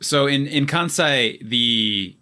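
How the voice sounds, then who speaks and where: A man chatting on a podcast, calmly explaining points one by one. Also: mid-range voice, slow. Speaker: podcast co-host. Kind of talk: casual podcast chat.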